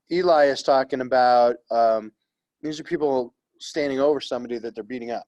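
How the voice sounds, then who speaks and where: A middle-aged man teaching an art history class in a classroom, rambling and joking as he talks. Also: mid-range voice. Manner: rambling, conversational, jokey.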